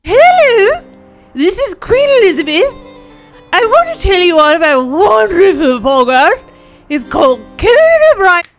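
A woman putting on a prim regal old queen, in a posh put-on British accent, high and loud. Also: sing-song, unhurried, faint music behind, exaggerated voice.

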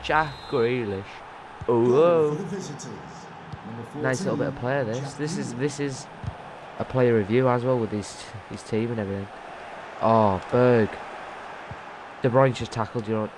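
A young man giving live commentary over his own football video game play, muttering remarks and bursting into loud shouts when something happens. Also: mid-range voice, unhurried, pauses often, noisy background. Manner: excitable, loud outbursts between muttered remarks. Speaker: gaming streamer.

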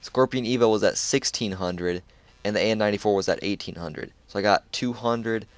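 Chill guy with a kinda low voice rambling over his gameplay, lots of dude and like. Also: brisk, no room sound. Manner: laid-back, chatty, says dude and like a lot. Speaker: gamer sharing a match. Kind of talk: casual gameplay commentary.

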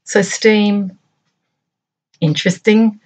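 A middle-aged woman hosting her own channel, musing aloud in a reflective monologue of short, halting phrases. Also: mid-range voice, fairly even intonation. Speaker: channel host.

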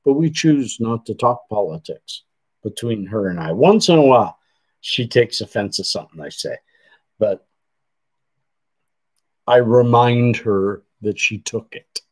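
A Canadian man hosts a livestream from a computer desk setup, chatting casually with viewers and reading their comments in a rambling, meandering way, often trailing off mid-sentence. His voice is on the low side and darkish, with lively intonation, an unhurried pace, long pauses and poor audio.

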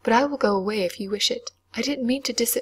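A woman voicing an excitable, mischievous schoolgirl in a whispered role-play reading, coaxing and breathless. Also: fairly high pitch, fast, breathy edge, pitched above the performer's own voice. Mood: distressed.

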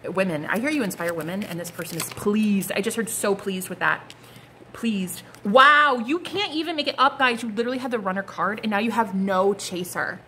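A woman's voice: medium pitch, fairly quick, fairly bright tone, a little hiss or hum. A woman giving a casual, gushing tarot reading, full of slang and asides. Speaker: tarot card reader.

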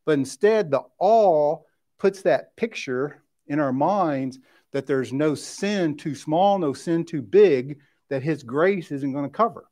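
A middle-aged man from West Tennessee leads a casual Bible class in a church classroom. His voice sits a bit high for a man. He talks informally, keeps checking in with his listeners, and restarts his sentences. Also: lively intonation, takes it slowly, a little mellow. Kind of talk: conversational Bible study lesson.

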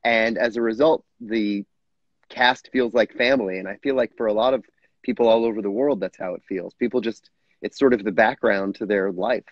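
A man's voice: fairly low pitch, moderate pace, dry recording, lo-fi sound. A middle-aged man, a guest actor, telling stories in a casual interview with frequent laughs and restarts. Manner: chatty storyteller, laughs often, frequent restarts. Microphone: video call.

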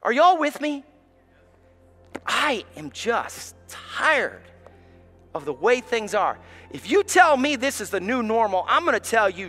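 A man preaches a passionate sermon in a high, bright voice. His pitch leaps and falls in a lively way as he drops to near-hushed lines and then rises to shouts. Faint music plays underneath. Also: a little slow. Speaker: pastor.

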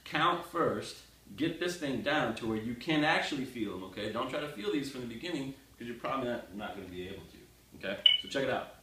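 A man's voice: mid-range voice, expressive, a little fast. Man counting rhythms aloud in a roomy space. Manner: joking, direct teaching. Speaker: drum teacher. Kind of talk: casual music lesson. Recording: roomy sound from a distance with loud noise.

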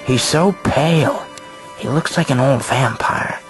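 A man's voice: mid-range voice, unhurried, pitched above the performer's own voice, close to an everyday voice. Guy doing a jumpy young woman, nervous n pouty, music behind. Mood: anxious. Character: young woman, timid and easily frightened. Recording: clear background music.

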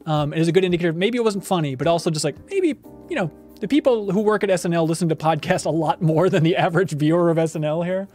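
High-voiced upbeat male trivia host. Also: fast, darkish tone, faint music behind. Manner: upbeat, announcer-like reveals of answers. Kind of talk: livestream game show hosting.

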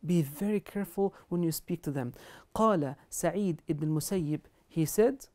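A woman with a lowish, darkish voice lectures at a moderate pace on kindness to parents in Islam. She speaks earnestly and with emphasis, quoting Arabic scripture and scholars.

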